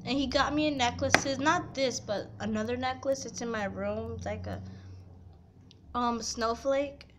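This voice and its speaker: There's background noise as a young woman, her voice on the high side and her pace a bit slow, shares a painful story on camera. Heartfelt and close to tears, she keeps saying "you know" in this emotional confession.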